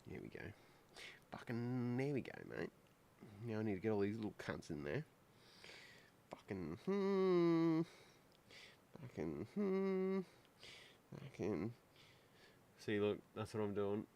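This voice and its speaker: Slow, lively-pitched swearing man. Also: a little hiss or hum. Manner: crude, swearing, joking. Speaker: maker livestream host. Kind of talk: casual streaming chat while soldering. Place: home workbench.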